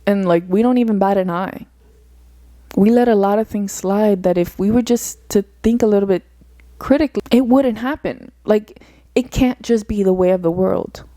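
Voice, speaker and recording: A woman's voice: mid-range voice, moderate pace, warm tone, no echo. A young woman hosting a solo podcast, talking through her thoughts in an earnest, rambling way, full of "like" and "you know". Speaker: podcast host. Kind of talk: reflective solo podcast monologue.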